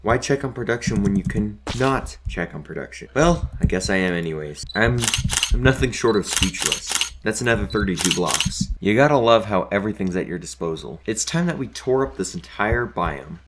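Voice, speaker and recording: A young man talks through his gameplay in a fairly low voice, joking and poking fun at himself as he goes. His desk mic picks up a clear layer of background noise. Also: expressive, moderate pace. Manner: jokey, self-mocking, talks to the viewer. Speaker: gaming YouTuber. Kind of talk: casual gameplay commentary.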